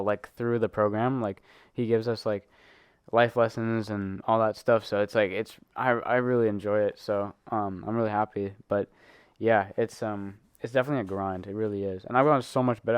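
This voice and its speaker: A man's voice: lowish voice, smooth, no echo, studio quality. A teenage boy co-hosting a podcast, telling a long story in casual chat, rambling with lots of fillers and laughing as he goes. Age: teens. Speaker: podcast co-host.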